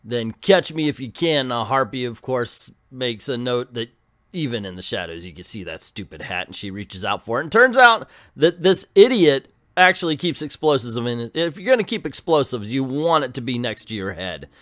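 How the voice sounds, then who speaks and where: A man's voice: mid-range voice, very animated, moderate pace, a bit bright, dry recording, studio quality. A man hosting a comic book video, recapping an issue in a casual, sarcastic, chatty way.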